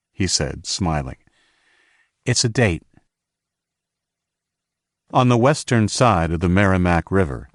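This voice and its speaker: A man narrating an audiobook in a steady, measured way. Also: deep voice, no room sound, clean studio sound.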